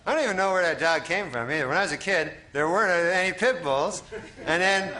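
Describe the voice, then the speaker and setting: A man from Canada, a stand-up comedian telling rambling deadpan bits full of "you know" and then chatting as a guest. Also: high-pitched, a little fast. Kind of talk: stand-up monologue, then interview chat. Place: TV studio with live audience. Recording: TV studio audience laughter and noise.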